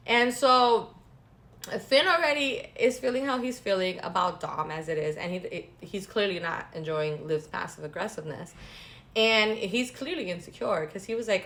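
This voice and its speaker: A woman talking casually and gossipily as a vlogger, animated and repeating phrases for emphasis, with sarcastic asides. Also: medium pitch, normal speed. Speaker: wrestling recap vlogger. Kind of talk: casual chat.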